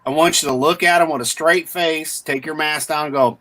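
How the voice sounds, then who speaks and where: A man's voice: a little high, steady tone, brisk, pushed and bright. A man co-hosting a casual chat stream, trading crude, joking banter.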